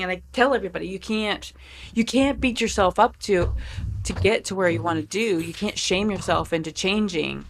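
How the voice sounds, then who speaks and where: A woman's voice: lowish voice, vocal fry, fairly bright tone. A woman in her thirties, co-hosting a podcast in casual chat, candid and profane, with many "like" fillers. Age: 30s. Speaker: podcast co-host.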